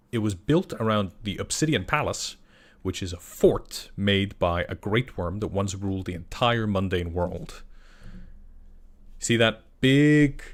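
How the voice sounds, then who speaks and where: Excitable rambling man from Iceland. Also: lowish voice. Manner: rambling and excitable, many restarts. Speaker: game master and channel creator. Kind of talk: casual livestream chat answering questions.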